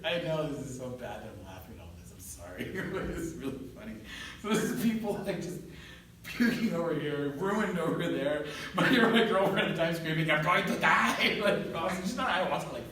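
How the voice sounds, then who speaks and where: A man telling a long story in a casual chat, animated and laughing often, acting out what others said. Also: a little high, moderate pace. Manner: animated, laughs often, acts out quoted voices. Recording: echoey room from far off.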